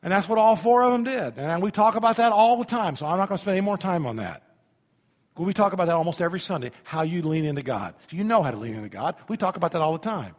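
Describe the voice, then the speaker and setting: High-voiced pastor preaching in a reverberant hall. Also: male voice, lively intonation, fast. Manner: emphatic, leads the congregation in call-and-response. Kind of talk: sermon. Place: church sanctuary.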